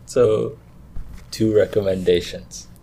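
A male podcast co-host chatting in a laid-back way. His very low voice has a gravelly fry, and he speaks slowly in dark, mellow tones. He pauses on fillers as he searches for what to say next. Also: steady tone. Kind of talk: casual chat.

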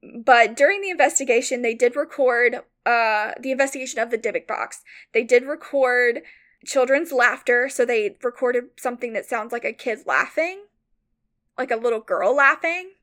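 A woman co-hosting a podcast, casually retelling a story with lots of "like" fillers, rambling and animated. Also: a little high, moderate pace. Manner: animated, mock-outraged retelling. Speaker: podcast co-host.

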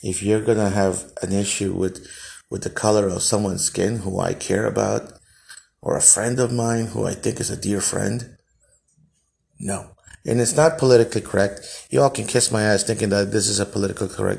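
A man's voice: fairly low pitch, gravelly. A man from El Salvador hosting a podcast, telling a personal story bluntly and with profanity, often restarting his sentences. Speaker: podcast host.

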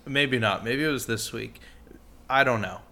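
A man's voice: mid-range voice, normal speed. A man co-hosting a podcast, chatting casually and playfully with his friend, joking around. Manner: playful, jokey, bursts into mock shouting. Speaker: podcast co-host.

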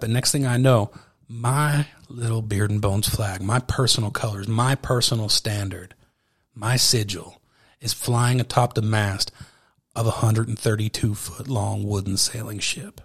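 Animated storytelling man, podcast host. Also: fairly low pitch, unhurried. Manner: animated, swearing, tells stories with acted dialogue. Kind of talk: casual storytelling monologue.

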